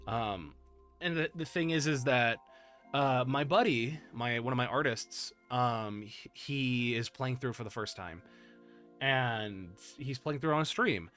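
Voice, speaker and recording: A man's voice: mid-range voice, unhurried, a bit bright, soft background music. A man hosting a casual podcast chat, rambling and restarting his sentences as he goes. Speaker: podcast host.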